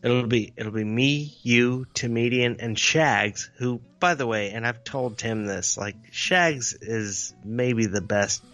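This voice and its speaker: A man's voice: medium pitch, slow pace, few pauses, fairly bright tone, soft background music. A man co-hosting a podcast, talking earnestly and emphatically, with frequent restarts. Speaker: podcast co-host. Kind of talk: casual chat.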